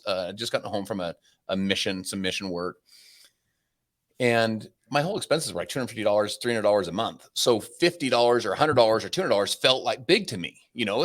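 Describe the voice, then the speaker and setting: A man in his forties, a podcast guest, telling a story in an energetic, conversational way with many restarts. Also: on the low side.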